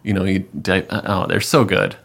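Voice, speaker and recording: A man's voice: low-pitched, moderate pace, vocal fry, breathy edge. A man co-hosting a casual podcast chat, acting out quoted lines with laughter. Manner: animated, acts out quotes with laughs. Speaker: podcast co-host.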